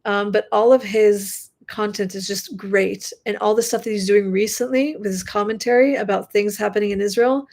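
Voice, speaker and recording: A woman's voice: medium pitch, fairly even intonation, normal speed, few pauses, darkish tone. A woman hosting a casual live stream from her home at night, chatty and rambling with lots of fillers. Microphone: computer mic.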